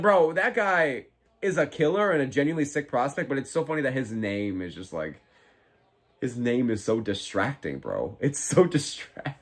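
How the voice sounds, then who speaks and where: Excitable young guy calling fights live. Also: mid-range voice. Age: 20s. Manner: excitable, profane, reads chat aloud. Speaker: live stream host. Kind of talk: casual fight watch-along commentary.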